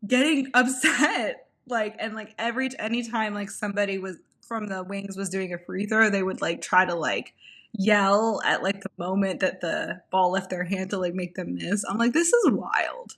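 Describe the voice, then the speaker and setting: A woman's voice: mid-range voice, moderate pace, a bit bright. A woman co-hosting a podcast in casual chat, talking loosely with lots of filler words. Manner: chatty, many "like" fillers. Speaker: podcast co-host.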